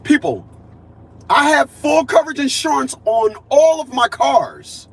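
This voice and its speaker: Husky, very high-pitched, and a bit bright, a fifty-something vlogger's voice carries a casual monologue. He speaks emphatically, says things more than once, and acts out the conversations he had.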